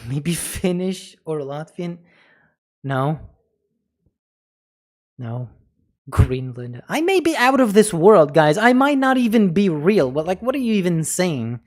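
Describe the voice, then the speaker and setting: A male streamer in casual livestream chat, talking in an unhurried drawl. He jokes and swears freely and drops mock snippets of other languages between laughs. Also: sits high, very animated, a little mellow. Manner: joking and profane, breaking into mock foreign phrases; laughs often between lines.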